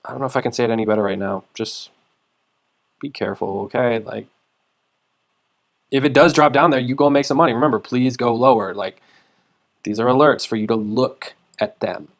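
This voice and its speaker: A man giving a casual screen-share tutorial, rambling with lots of fillers and repeated words, sometimes dropping into quiet mumbles. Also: mid-range voice. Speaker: trading tutorial host.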